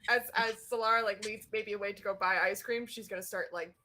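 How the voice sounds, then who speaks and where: A woman's voice: medium pitch, fairly even intonation, quick pace, bright, forceful tone, slight background noise. A woman player narrating what her character does, hesitant with fillers.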